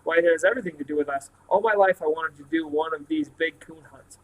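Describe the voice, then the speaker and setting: An old country grandpa full of schemes and excitement, talking in a folksy, eager way, pitched a little high, as a man reading aloud puts him on. it sounds like a storybook read at home. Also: fast talker, a little hiss or hum, close to an everyday voice, rough recording. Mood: excited. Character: excited old grandfather, storekeeper, shrewd dealer.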